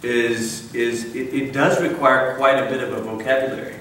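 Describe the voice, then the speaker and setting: A man's voice: medium pitch, little pitch movement, normal speed, fairly bright tone, a little hiss or hum. Conversational man in a roomy hall. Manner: conversational, self-interrupting, wry asides. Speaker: conference speaker. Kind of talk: church conference talk. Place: large room. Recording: echoey room, mic at a distance.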